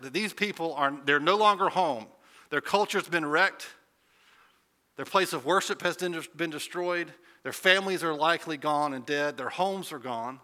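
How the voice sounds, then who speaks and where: A man's voice: on the high side, bright, forceful tone. A man preaching a conversational sermon, asking rhetorical questions and building to emphatic points. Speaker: pastor.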